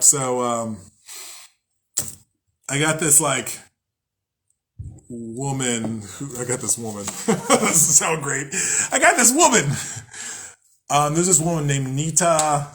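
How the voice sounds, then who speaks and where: A young man hosting a podcast, talking casually and loosely about spirituality, swearing often, laughing at himself and sometimes acting out angry voices. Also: medium pitch. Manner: rambling, profane, laughs at himself. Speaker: podcast host.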